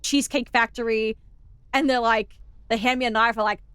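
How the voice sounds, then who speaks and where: A woman's voice: fairly high pitch, fairly even intonation, moderate pace, fairly bright tone, clean tone, dry recording. An Australian woman streaming a game, chatting with viewers in a joking way and laughing often. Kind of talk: casual gameplay chat.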